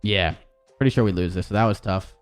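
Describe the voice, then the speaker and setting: Male esports coach, deep-ish voice, casual rambling breakdown, faint music bed. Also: a little fast, clean tone. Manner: rambling, profane, many restarts. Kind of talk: casual gameplay review.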